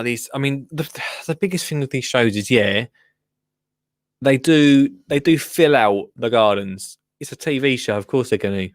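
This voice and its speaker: A man hosting a casual livestream, chatting and joking as he reacts to a gardening show. He often restarts his sentences and coos at his plants in a high, sing-song voice. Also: a bit bright, no echo, clean studio sound. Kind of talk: casual chat.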